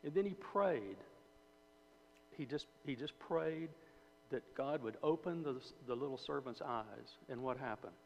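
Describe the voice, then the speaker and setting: Gravelly-voiced man preaching in a hall. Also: mid-range voice, expressive, measured pace. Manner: conversational, asks the audience, repeats words and restarts. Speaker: preacher or Bible teacher. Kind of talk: sermon. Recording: dull hall recording with faint hum.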